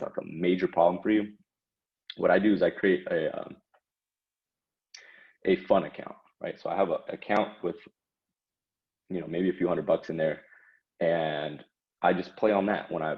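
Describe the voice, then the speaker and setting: A man with an extremely low voice explains things in a loose, conversational way. He leans on fillers and checks in with the listener often. The recording sounds dull and lo-fi. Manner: conversational, frequent fillers and tag questions. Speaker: trading educator. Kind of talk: casual instructional talk.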